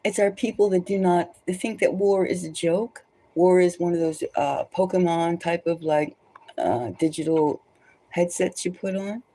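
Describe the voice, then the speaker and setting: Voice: medium pitch, normal speed, warm tone. A tarot reader giving rambling spoken commentary, emphatic and loose, often repeating phrases for stress. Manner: loose and conversational, many restarts.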